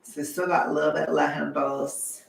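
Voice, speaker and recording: A young man chatting casually on a livestream, animated and chatty, sometimes swearing, laughing often, heard from a distance. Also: fairly high pitch, moderate pace, gravelly. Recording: echoey room, away from the mic.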